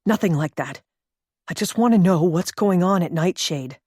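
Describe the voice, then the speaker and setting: A woman's voice: on the low side, lively intonation, moderate pace, a little mellow, husky, no room sound, studio quality. A woman voicing an anxious, impulsive man who talks urgently and makes things up as he goes. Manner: urgent, improvising, pushy.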